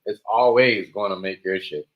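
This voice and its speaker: A man streaming a casual monologue, talking in animated street slang and repeating himself. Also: fairly low pitch, moderate pace, lo-fi sound.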